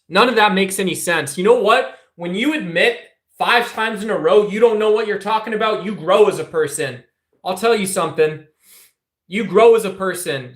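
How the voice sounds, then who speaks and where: Heated man with a high voice. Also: fairly bright tone. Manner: heated, confrontational, addresses viewers directly. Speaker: political streamer. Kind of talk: livestream rant to chat. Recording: echoey room.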